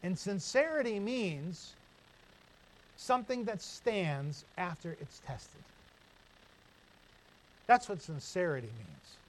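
A man with a fairly high voice preaches a sermon from the pulpit. He tells homespun stories and keeps asking the congregation rhetorical questions. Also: slow pace, long pauses, rough recording. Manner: storytelling, animated, asks the room rhetorical questions. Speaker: pastor.

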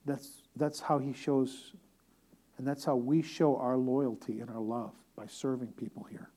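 A middle-aged man preaching a sermon as a pastor, telling stories with humor and swinging from loud, emphatic declarations to hushed near-whispers. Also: mid-range voice, fairly even intonation, normal speed. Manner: storytelling with humor.

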